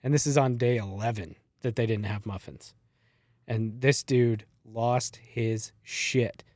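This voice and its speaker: This ex-wildland firefighter, a middle-aged man, shares casual stories as a podcast guest, easygoing and laughing, with plenty of swearing. He speaks slowly in a steady, mid-range, darkish voice, and the studio-quality recording is dry.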